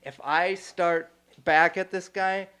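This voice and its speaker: A young man with a slightly high voice tells a story in a casual podcast chat. His talk is loose and full of fillers. He curses freely, and he shouts when he acts out what other people said. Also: slow, clear, resonant tone. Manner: animated, swears freely, acts out quotes loudly. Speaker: podcast co-host.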